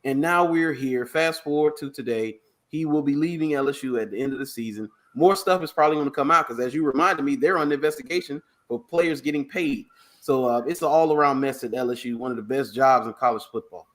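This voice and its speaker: A man hosting a casual sports podcast, telling stories in an animated, joking way. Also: medium pitch, a little fast. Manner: animated storytelling, jokey asides. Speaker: podcast host.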